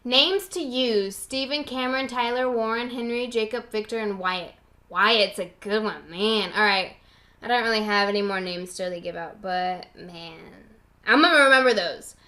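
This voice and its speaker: Young female podcast host, bright tone, rambling casual home-webcam chat. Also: mid-range voice, moderate pace. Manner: rambling, heavy on "like" fillers, swears casually. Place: at home, at a partner's computer.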